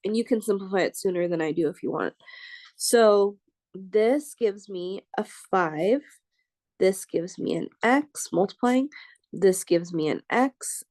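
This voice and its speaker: Slow, patient woman math lecturer. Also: mid-range voice, darkish tone, no echo. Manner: thinks aloud while writing, checks in with listeners. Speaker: math professor. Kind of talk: lecture working problems on a board.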